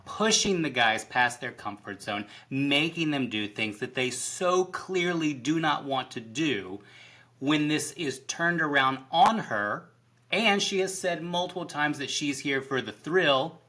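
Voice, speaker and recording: A man's voice: fairly high pitch, expressive, measured pace, bright, forceful tone. A man co-hosting a podcast, arguing his view of a reality dating show point by point in casual chat. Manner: argumentative, builds his case point by point. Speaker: podcast co-host.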